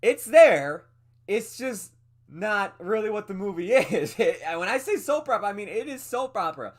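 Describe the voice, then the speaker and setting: A man's voice: high voice, sing-song, normal speed. Rambling, laughing podcast co-host man. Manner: rambling, laughs often, many fillers. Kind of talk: casual movie review chat.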